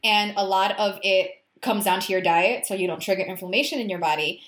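A young woman co-hosts a casual podcast, telling her stories with animated energy. Her voice sits at an ordinary middle pitch. The recording has a roomy echo around her. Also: a little fast. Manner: animated storyteller, acts out quoted dialogue. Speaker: podcast co-host. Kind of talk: casual chat.

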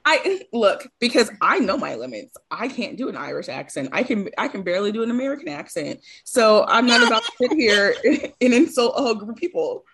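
A woman co-hosting a podcast, chatty and lively in casual conversation. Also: on the high side, fairly quick, husky. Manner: chatty, lively, laughs while acting out scenes. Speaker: podcast co-host. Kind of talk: casual chat.

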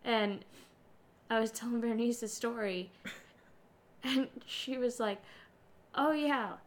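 Giechelige vrouw die een verhaal vertelt. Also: female voice, fairly high pitch, fairly even intonation, slow. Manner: chatty, giggly, loose phrasing. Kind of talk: casual storytelling chat.

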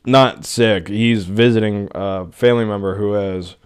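A man's voice: on the low side, steady tone, a little slow, clear, resonant tone. A young man hosting a casual solo podcast, ranting in an exasperated, profane way. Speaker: podcast host.

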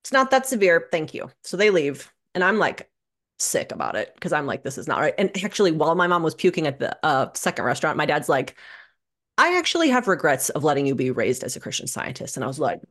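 A young adult woman telling a personal story as a podcast guest, animated and sardonic, swearing freely. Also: deep voice, fast talker. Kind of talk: candid conversational storytelling. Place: living in Minnesota.

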